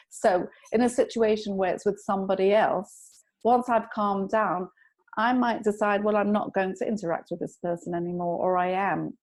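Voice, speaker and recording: A woman guest, an EFT tapping practitioner, calmly explaining and walking through a technique. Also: mid-range voice.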